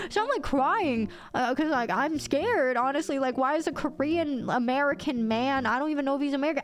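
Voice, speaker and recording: High-voiced excitable woman streamer. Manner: excitable, swears casually, quick bursts of laughter. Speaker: livestreamer. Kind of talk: animated storytelling to chat.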